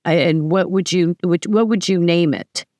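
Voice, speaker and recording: Casting: man, somewhat high voice, hesitant interviewer, dry sound. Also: a little mellow, no echo. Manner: halting, searching questions. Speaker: interview host.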